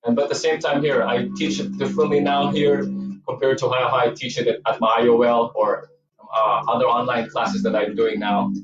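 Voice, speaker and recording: Over background music in a dance studio, a yoga and movement instructor with a Filipino Cebuano accent counts and cues breathing while urging his students on. His mid-range voice is level and fairly quick, and the distant mic gives a roomy sound with the highs cut off.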